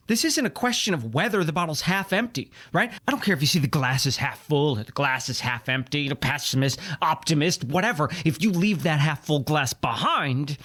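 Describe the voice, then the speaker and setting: A man's voice: fairly high pitch, animated, fairly quick, hardly any pauses, bright, forceful tone. A man hosting a comedy podcast, ranting with exasperation and then teasing his co-host in casual chat. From United States.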